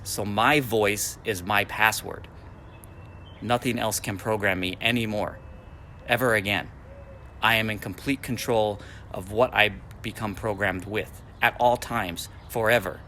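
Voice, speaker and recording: A man's voice: on the low side, fairly bright tone, a little hiss or hum. A man in his forties, a spiritual teacher, speaking in a repetitive, affirmation-like way. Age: 40s.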